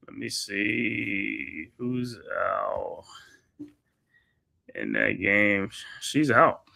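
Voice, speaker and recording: A man's voice: fairly low pitch, vocal fry. A man hosting a live basketball watch-along, calling the plays and breaking into casual, slangy outrage at the referees. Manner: excitable, slangy, quick bursts of outrage at calls. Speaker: basketball watch-along host and play-by-play caller. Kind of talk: live play-by-play commentary mixed with casual chat.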